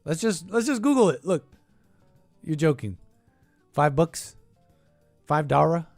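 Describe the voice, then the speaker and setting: Reacting casually to a clip on his call-in podcast, this host rambles sarcastically and thinks out loud. His expressive voice sits on the high side, a bit slow and a little mellow, recorded without room sound over faint background music.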